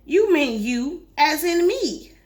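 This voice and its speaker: A woman's voice: sits high, very animated, takes it slowly, a little mellow, voice pushed up, exaggerated voice. A woman voicing a scared young boy hero, asking startled questions. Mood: alarmed.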